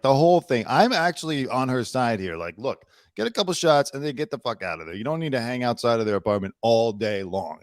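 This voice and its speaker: A man's voice: mid-range voice, darkish tone, no room sound. Chatty sarcastic male commentator, dry sound. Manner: sarcastic, chatty, lots of "like" fillers. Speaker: show host and commentator. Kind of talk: casual news commentary.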